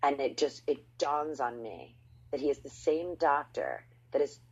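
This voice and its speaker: Podcast host, woman, low and husky, animated storyteller, dull lo-fi recording. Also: unhurried. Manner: animated storytelling, swooping up in pitch for emphasis. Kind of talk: casual chat. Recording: dull lo-fi sound.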